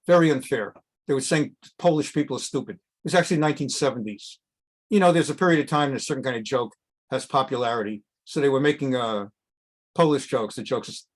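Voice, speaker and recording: This is a middle-aged man leading an informal scripture lesson. His voice sits a little high for a man. He talks in a loose, digressive way, drops in jokes, and reads Hebrew lines before translating them. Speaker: rabbi teaching a Bible class.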